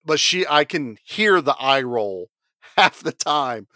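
A man in his forties co-hosting a movie podcast, talking in an animated, swooping voice that sits fairly high. His tone is bright and forward, recorded dry and close. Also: slow pace, dry recording. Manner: animated, laughs easily. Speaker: podcast co-host. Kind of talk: casual chat about a movie.

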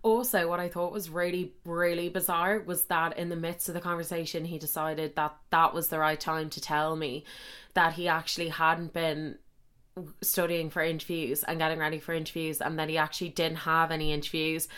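A woman's voice: deep voice, little pitch movement, normal speed, fairly bright tone, smooth. A young woman hosting a podcast, telling a story candidly and emphatically and swearing freely. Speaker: podcast host.

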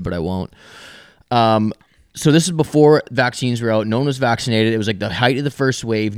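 A man's voice: fairly low pitch, darkish tone, smooth, no echo, studio quality. A young adult man from Alberta, Canada, a podcast guest telling a profane, ranting story in casual talk. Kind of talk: casual storytelling with heavy swearing.

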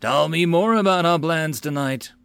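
A man doing an arrogant young lord, shrill and ranting. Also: moderate pace, fairly bright tone, smooth, dry recording, clean studio sound. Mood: eager. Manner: indignant ranting.

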